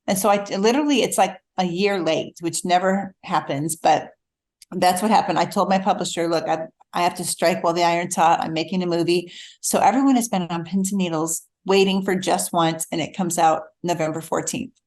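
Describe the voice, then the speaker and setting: A middle-aged woman, an author, telling a personal story in a relaxed conversation, acting out the voices she quotes. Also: on the low side, fairly quick. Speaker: author guest. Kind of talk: storytelling in casual chat.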